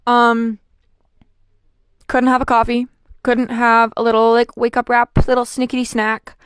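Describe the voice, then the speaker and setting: A young woman chatting casually as she tells a personal story, with lots of fillers and an animated delivery. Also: fairly high pitch, clear, resonant tone, dry recording, studio quality. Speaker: vlogger.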